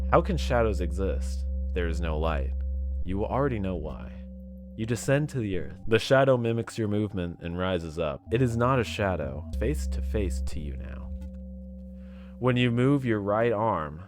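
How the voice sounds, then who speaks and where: A gamer reads a text-based story game aloud in a low voice, slipping jokes in between lines and breaking into laughter as he narrates. There's slight background noise in the recording.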